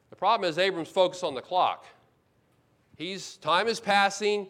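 A man's voice: on the high side, normal speed, a bit bright. A man preaching a sermon as pastor, explaining scripture with emphatic repetition and acting out complaints in first person.

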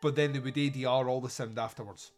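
A man hosting a podcast, chatting casually as he reviews a film, animated and sweary as he mocks its dialogue. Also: medium pitch, fast. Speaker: podcast host.

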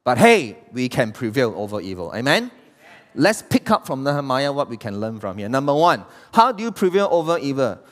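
A man's voice: medium pitch, very animated, fairly quick, a bit bright. A man, preaching a sermon as pastor and throwing rhetorical questions at the congregation. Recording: long hall reverb.

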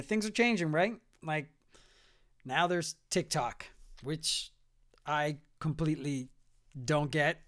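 A man's voice: on the high side, slow, pauses often, fairly bright tone. A man hosting his own podcast alone at a mic, chatting in a rambling, self-mocking way full of jokey asides. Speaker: podcast host. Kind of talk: solo podcast chat. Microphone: studio mic.

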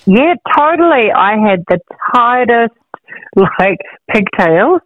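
A woman's voice: fairly high pitch, slow, no echo, dull audio. Kiwi woman singer, chill and rambly, laughs a lot, dead dry recording. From New Zealand. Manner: laughs easily, relaxed and rambling. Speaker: singer, podcast guest. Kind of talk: casual chat interview.

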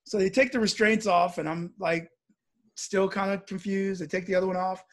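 A man from the US Midwest telling a personal story in casual speech, animated and acting out the voices as he goes. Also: high voice, normal speed.

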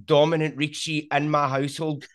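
A middle-aged man with a broad Scottish accent talks in a relaxed interview. He tells stories with lots of energy and keeps checking in with "do you know what I mean." His voice sits a little higher than most men's. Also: fairly quick. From Scotland. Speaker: sumo content creator. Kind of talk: casual interview chat.

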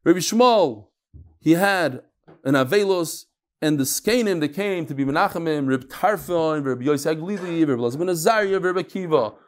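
A man teaching a text class who reads passages aloud, then explains them in relaxed talk and tells stories. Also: on the high side, moderate pace. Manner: storytelling, acts out quoted voices. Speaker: Talmud teacher. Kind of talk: Talmud class lecture.

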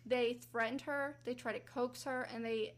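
A woman's voice: fairly even intonation, moderate pace. Chatty woman telling a true-crime story. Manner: chatty, acts out quotes with rising pitch. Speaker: podcast host.

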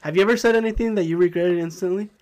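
A man's voice: sits high, rapid-fire, a little mellow. A man co-hosting a casual podcast chat, swearing freely and laughing as he tells stories. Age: older than co-hosts. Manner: storytelling, swearing, laughing often. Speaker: podcast co-host.

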